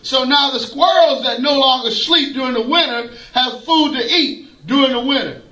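A man preaching a folksy sermon, laughing often and rising to shouts. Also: very high-pitched, moderate pace, reverberant, poor audio.

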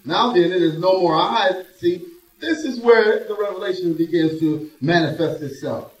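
A man with a notably high voice preaches in a church, dropping to a hush and then rising to loud, slowly stretched emphasis. He sounds set back from the mic, and his voice rings off the room. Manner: dramatic preaching, swinging between hushed and loud, slow drawn-out emphasis. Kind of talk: sermon. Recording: echoey room, voice from a distance.

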